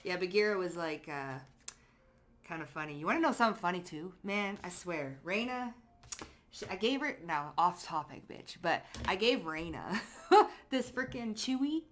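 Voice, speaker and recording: A woman with a lowish voice, speaking at normal speed, does a casual pick-a-card tarot reading as a psychic reader. Chatty and slangy, she curses freely, laughs often, and tells things in a lively storytelling way straight to her viewers, with slight background noise.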